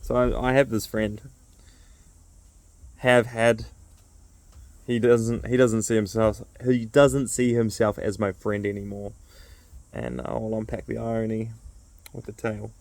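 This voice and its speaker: Gravelly man telling a rambling story. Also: on the low side, a little slow, long pauses, darkish tone, no room sound. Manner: rambling with many fillers. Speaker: men's circle host. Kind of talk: casual storytelling.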